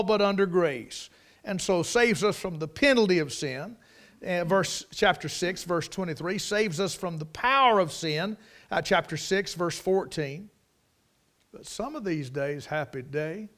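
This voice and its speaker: An emphatic male preacher, delivering a sermon. He hammers and repeats key words for stress. His voice sits a little high for a man.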